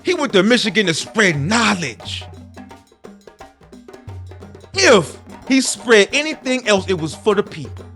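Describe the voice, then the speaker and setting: Brief: a man doing an indignant male zealot, bright and high, swinging wildly up and down. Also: big pitch swings, normal speed, soft background music, full character voice. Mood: preachy. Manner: preachy sing-song rants with sudden shouted bursts. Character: zealous male conspiracy-minded defender, preachy and indignant. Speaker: comedic character.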